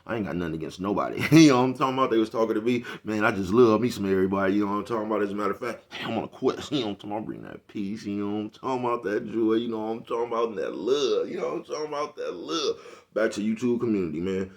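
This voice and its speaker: A man's voice: lowish voice, animated, rapid-fire. A man delivering a casual, profane monologue to his viewers, forever checking in with "you know what I'm talking about". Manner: laid-back, profane street talk. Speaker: vlogger.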